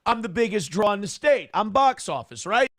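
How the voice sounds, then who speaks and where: A man with a notably high voice, bragging through a monologue. He taunts and repeats himself in loops, recorded dry and close. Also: very animated, normal speed, fairly bright tone, no room sound. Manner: taunting, repeats phrases over and over. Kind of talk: boastful monologue.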